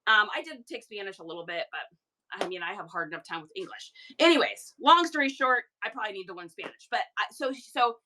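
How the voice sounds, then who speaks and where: Bright-voiced chatty woman. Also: medium pitch, fast, slight background noise. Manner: chatty, animated, rambling asides. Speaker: reseller livestream host. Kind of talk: casual livestream chat.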